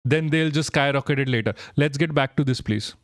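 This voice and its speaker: A young Indian man with a medium-pitched, brisk voice hosts a live stream, bluntly ranting and swearing heavily while he responds to viewer comments.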